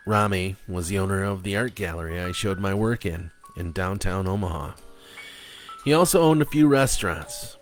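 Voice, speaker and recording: A man reading his own dark prose and poetry aloud in a blunt, confessional manner. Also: deep voice, normal speed, soft background music.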